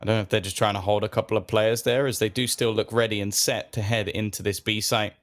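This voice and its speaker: A man doing relaxed color commentary on an esports match, analytical and quick to laugh. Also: fairly low pitch. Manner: laid-back, analytical, laughs easily.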